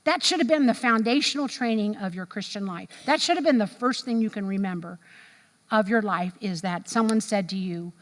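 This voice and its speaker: A middle-aged woman teaching a Bible study to a room of women in a lively sermon style, acting out voices and reactions as she goes. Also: mid-range voice, fairly quick. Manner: animated, acts out voices and reactions. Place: large room with an audience of women. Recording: long hall reverb.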